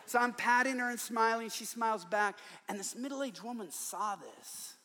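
A man's voice: high voice, pushed and bright, long reverb tail. An older man preaching a sermon in a large church, telling stories with humor and emphasis. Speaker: conference speaker and author.

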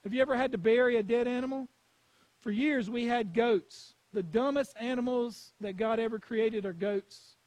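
High-voiced man preaching emphatically. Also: moderate pace, darkish tone, no room sound, low-quality recording. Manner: emphatic preaching with repeated phrases and storytelling. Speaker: pastor. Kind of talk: sermon.

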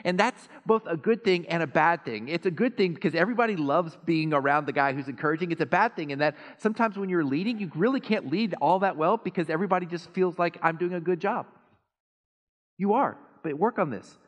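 A man preaching a sermon as pastor, animated and self-deprecating, swinging between quiet asides and loud emphasis. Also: a little high, quick pace, hardly any pauses. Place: church sanctuary. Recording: long reverb of a church hall.

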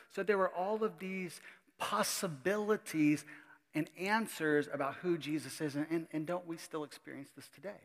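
A pastor giving a sermon, talking to the congregation in a conversational, emphatic way with many repetitions. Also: male voice, high voice, brisk, fairly bright tone, long reverb tail.

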